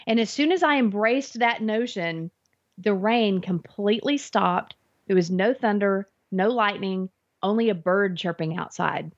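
Woman guest, earnest storyteller, mid-pitched, slightly dull recording. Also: moderate pace. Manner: earnest, vivid retelling with acted inner thoughts. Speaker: interview guest. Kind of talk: personal faith testimony storytelling. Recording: dull lo-fi audio.

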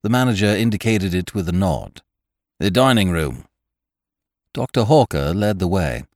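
A man narrating a story aloud in a measured, expressive way. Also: low-pitched, no echo, clean studio sound. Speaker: audiobook narrator.

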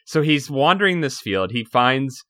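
A man in casual podcast chat, recapping a story with lots of laughter and swearing. His voice is bright and his pitch swings freely. The sound is close and dry. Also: normal speed, no room sound. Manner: animated, laughing, swearing often. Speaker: podcast co-host.

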